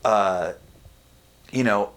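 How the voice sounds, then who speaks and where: A young man speaking frankly and profanely on a casual podcast, halting often with fillers and restarts. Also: fairly low pitch, noisy background.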